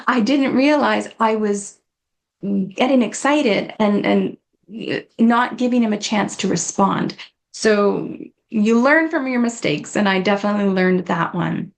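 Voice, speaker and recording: A woman's voice: mid-range voice, unhurried, gravelly. A woman giving an informal, earnest talk on dementia care, often acting out quoted dialogue.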